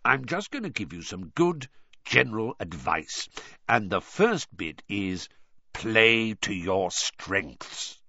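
A man voicing a gruff, blunt old male wizard teacher who growls his words. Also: lowish voice, very animated, slow, bright, forceful tone, highs cut off, exaggerated voice.

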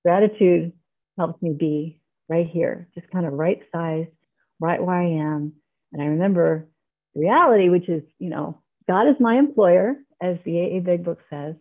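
Over tinny video-call audio, a middle-aged recovery meeting member offers a heartfelt personal share. She speaks a bit slowly, with a fairly low pitch.

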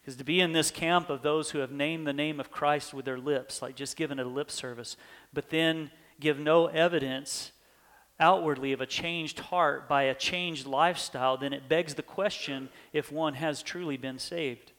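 A man's voice: on the high side, steady tone, moderate pace, fairly bright tone. A pastor preaching a sermon in an earnest manner, his voice swelling with emphasis.

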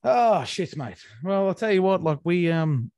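A man's voice: high voice, sing-song, measured pace, darkish tone, no room sound. Sweary man ranting casually. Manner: crude, rambling, sweary banter. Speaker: podcast co-host. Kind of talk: casual chat.

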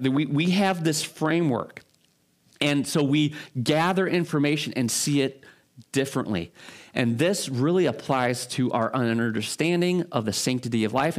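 A man preaching a sermon as a pastor, informal and loose, often checking in with listeners. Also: mid-range voice. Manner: informal, frequent fillers and restarts, rhetorical check-ins. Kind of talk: conversational sermon.

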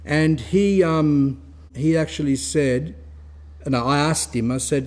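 A man's voice: a little high, a little slow, darkish tone. A man giving an informal religious talk, telling anecdotes and acting out the dialogue. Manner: conversational storytelling, acts out dialogue.

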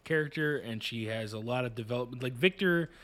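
A man's voice: medium pitch, a little fast, fairly bright tone, dry recording. A man co-hosting a casual podcast in a laid-back, joking way. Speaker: podcast co-host.

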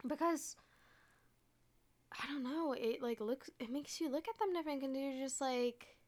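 A woman's voice: high-pitched, moderate pace, a little mellow. A young woman hosting a podcast, telling stories in a chatty, casual way, full of "like" and frequent swearing. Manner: chatty, swears often, heavy use of "like". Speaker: podcast host. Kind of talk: casual storytelling monologue.

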